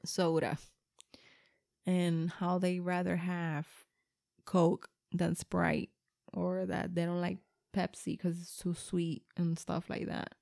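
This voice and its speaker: A woman's voice: on the low side, level tone, slow pace, gravelly, darkish tone, no echo, studio quality. A woman, co-hosting a casual chat and telling stories, swearing freely and dropping in Spanish words. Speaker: podcast co-host.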